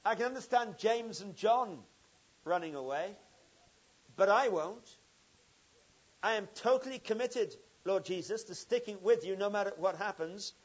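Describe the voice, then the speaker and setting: A preacher acting out Peter the vowing disciple. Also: male voice, high-pitched, animated, unhurried, dull audio, voice pushed up. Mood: fervent pledge. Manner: emphatic, vowing loyalty. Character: earnest bold male disciple Peter, adult.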